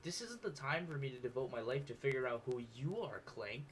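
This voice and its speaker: A man's voice: mid-range voice, very animated, brisk, a little hiss or hum, natural voice. A man voicing a mature young woman cook who speaks firmly and with self-assurance.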